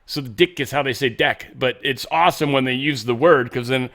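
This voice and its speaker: An American man talks through the news in a loose, rambling way, swearing freely and joking as he goes. His voice sits at an ordinary middle pitch for a man, and the talk is a casual commentary. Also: fairly quick, a bit bright. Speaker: show host.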